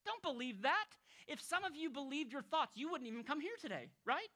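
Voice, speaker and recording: A male pastor preaching a sermon in an emphatic way, dropping to hushed tones and rising to loud exclamations. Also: very high voice, very animated, brisk.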